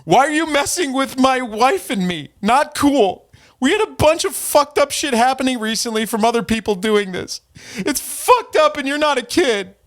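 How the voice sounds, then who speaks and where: A man putting on a high, whiny voice to mock an upset grown man who complains about being hassled online. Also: animated, moderate pace, fairly bright tone. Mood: whining. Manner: high mocking whine.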